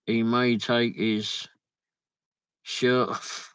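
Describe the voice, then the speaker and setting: A man hosting a live stream from a vehicle on the road speaks slowly with frequent pauses, in a medium-pitched, level voice that is smooth and a bit bright. He reads out viewer comments with muttered asides. The recording is dry and rough.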